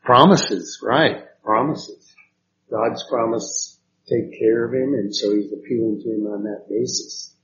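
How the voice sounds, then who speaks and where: A man praying and teaching a Bible study, talking haltingly with many fillers and restarts. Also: fairly low pitch, fairly even intonation, a bit bright. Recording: dull lo-fi recording with faint noise.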